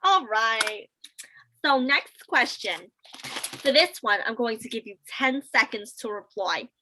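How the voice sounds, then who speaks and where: A woman's voice: fairly high pitch, lively intonation, slow pace, pushed and bright, slight background noise, full character voice, low-quality recording. A young woman playing an erratic, short-tempered interviewer with abrupt, theatrical outbursts in an amateur stage comedy. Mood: businesslike. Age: young adult.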